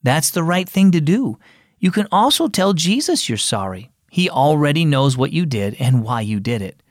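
A man doing a gentle, reassuring stepmother. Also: fairly high pitch, very animated, normal speed, dry recording, clean studio sound, pitched above the performer's own voice.

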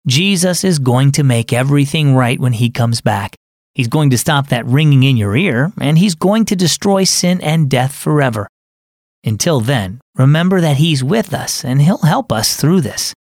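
A man voicing a big, gentle uncle in a children's audio story, speaking earnestly and consolingly to his grieving nephew. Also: mid-range voice, lively intonation, normal speed, no room sound, studio quality. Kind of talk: scripted children's radio drama.

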